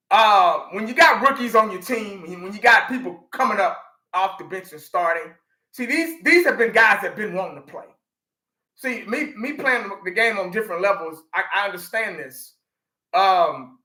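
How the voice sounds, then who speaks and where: A middle-aged fan channel host from Texas chats casually with viewers in a fairly high voice that's very bright and sharp-edged. He rambles, circles back, and restarts his thoughts a lot, speaking to his audience in an echoey room.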